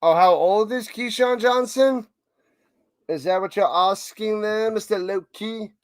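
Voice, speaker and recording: A man with a New York accent streams a watch party, excitedly calling plays and chatting with viewers as he reads the chat. His voice is high-pitched and a little slow, and the recording is dry.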